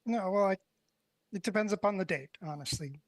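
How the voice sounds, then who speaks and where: Easygoing man with a high voice. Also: brisk, dry recording. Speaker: tabletop game player. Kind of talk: casual scheduling chat.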